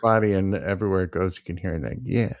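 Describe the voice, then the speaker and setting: A man hosting a casual movie review chat, relaxed and crude-humored. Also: low-pitched, fast, dry recording, highs cut off. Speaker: podcast host.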